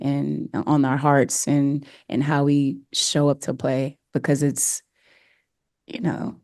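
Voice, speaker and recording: A woman's voice: low voice, vocal fry, mellow, no room sound, studio quality. A woman head coach answering press questions earnestly and emotionally, with many fillers.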